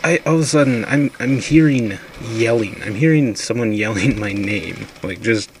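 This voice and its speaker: A man's voice: on the low side, normal speed, slight background noise. A man casually telling a drunken ghost story, rambling and swearing a lot.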